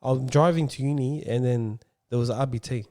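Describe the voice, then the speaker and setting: A man's voice: medium pitch, fairly even intonation, a little fast, mellow. A young man telling a story on a podcast, laughing and acting out the lines of the people in it. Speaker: podcast co-host. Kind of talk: casual storytelling chat.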